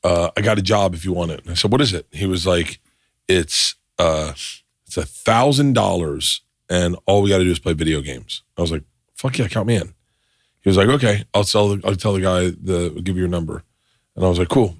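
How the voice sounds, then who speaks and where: A man's voice: deep voice, fairly quick, no room sound, studio quality. A middle-aged man hosting a podcast, telling stories casually and acting out both sides of conversations. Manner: animated storyteller, acts out both sides of phone calls. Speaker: podcast host. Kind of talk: casual storytelling chat.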